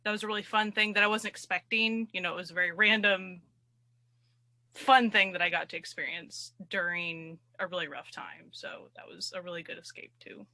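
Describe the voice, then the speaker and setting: A woman's voice: lowish voice, steady tone, moderate pace, sharp tone, no echo. A woman co-hosting a podcast, talking hesitantly and thoughtfully, hedging her answers. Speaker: podcast co-host. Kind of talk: casual chat.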